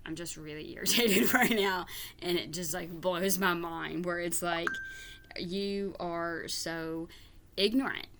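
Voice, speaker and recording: A woman's voice: lowish voice, slow pace, background noise. A woman doing reaction commentary, ranting in exasperation, swearing and stumbling over repeated words. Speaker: reaction vlogger. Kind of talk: reaction commentary reading viewer comments aloud.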